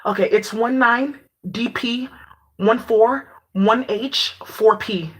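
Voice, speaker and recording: Brash profane woman, bright voice. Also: fairly high pitch, slow. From Nigeria. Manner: brash, profane, laughs a lot. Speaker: vlogger. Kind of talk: casual rant to camera.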